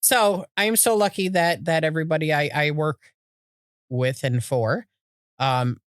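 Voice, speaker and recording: A woman co-hosting a casual chat podcast, talking in animated bursts, swearing freely and acting out what people said. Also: sits low, unhurried, no room sound, clean studio sound. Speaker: podcast co-host. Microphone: podcast microphone.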